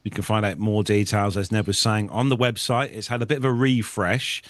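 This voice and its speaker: A man's voice: on the low side, fairly even intonation, fairly quick, no room sound. A man hosting a casual podcast, chatty and genial, thanking each guest in turn. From United Kingdom. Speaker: podcast host. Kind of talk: casual podcast chat and sign-off.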